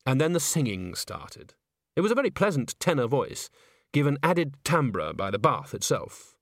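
A man narrating a comic fantasy novel in a wry, measured storytelling voice. His pitch is middle but rises and falls with lively expression. The recording is dry and close. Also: no room sound. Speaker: audiobook narrator. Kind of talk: scripted narration.

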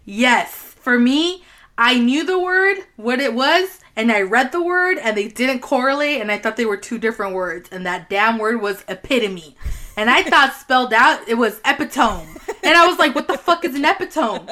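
A young woman co-hosting a casual podcast chat, animated and quick to swear and laugh, speaking English as a second language while wearing headphones. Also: on the high side. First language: not English. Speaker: podcast co-host. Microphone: wearing headphones at a mic.

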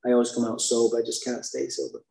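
A man candidly telling a personal recovery story, blunt and profane with dark humor. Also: medium pitch, completely flat delivery, quick pace. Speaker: speaker sharing his recovery story. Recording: roomy echo.

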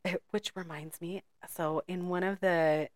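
A woman co-hosting a podcast in casual chat, talkative and quick to laugh, wandering off into side notes. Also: on the low side, fairly even intonation, no echo, clean studio sound. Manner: chatty, laughs often, goes off on side notes. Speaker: podcast co-host.

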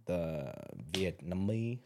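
A man's voice: low voice, expressive, takes it slowly, dark tone. A young man telling stories in a casual chat with friends, slangy and laid-back, laughing often. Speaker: podcast co-host.

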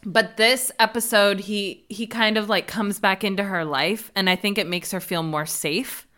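A woman co-hosting a podcast, chatting casually about a TV episode and acting out the characters' lines. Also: moderate pace. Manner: animated, acts out quoted lines with big pitch jumps. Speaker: podcast co-host. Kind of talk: casual chat, recapping a TV episode.

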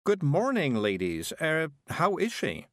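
A man's voice: a little high, wildly swooping pitch, a little slow, no echo, studio quality, pitched above the performer's own voice. A man voicing a frail, fussy woman witch who speaks politely in a quavering voice. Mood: fretful.

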